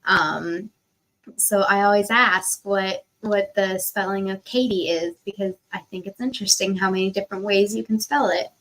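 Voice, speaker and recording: Woman hosting a live chat, friendly and curious, mid-pitched voice. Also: moderate pace, a bit bright, low-quality recording. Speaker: live stream host. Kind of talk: casual chat.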